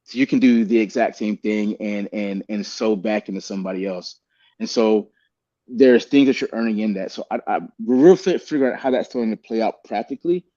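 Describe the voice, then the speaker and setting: A man's voice: lowish voice, fairly quick, mellow, dull audio. A man speaking as a podcast guest, earnest and rambling, often calling the host "man" and "bro". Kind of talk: candid podcast conversation.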